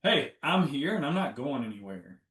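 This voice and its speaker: A man being interviewed about his healing, animated and acting out his own inner dialogue. His voice is bright and forceful. It comes from a little off the mic in an echoey room. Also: medium pitch, normal speed. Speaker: guest, health coach. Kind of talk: casual interview talk. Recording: roomy, from a distance.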